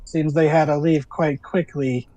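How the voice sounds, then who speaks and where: Man putting on sly old sea hags, sweetly sinister, a bit high. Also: fairly even intonation, a little slow, mellow, no room sound, lightly acted, low-quality recording. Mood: knowing.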